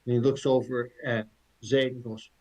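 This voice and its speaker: A man's voice: mid-range voice, flat delivery, moderate pace, a little mellow, rough recording. A man running a tabletop game as dungeon master, narrating in a loose, joking way.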